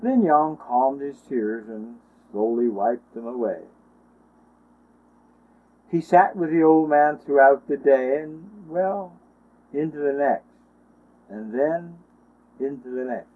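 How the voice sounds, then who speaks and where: Slow emotive male storyteller, tinny line. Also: mid-range voice. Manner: emotive, with many ohs and wells. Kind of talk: dramatic spoken storytelling. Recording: tinny phone-line sound.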